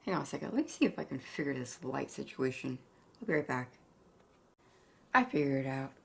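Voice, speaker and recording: A woman talks to her viewers in a low voice, rambling and emotional and a little short of breath. She records in an echoey home kitchen, with the camera set back from her. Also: sing-song, fairly quick, gravelly. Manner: rambling, filler-heavy and emotional, addresses viewers as "you guys". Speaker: home cooking channel host. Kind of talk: chatty cooking vlog. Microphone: camera on a tripod. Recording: echoey room, mic at a distance.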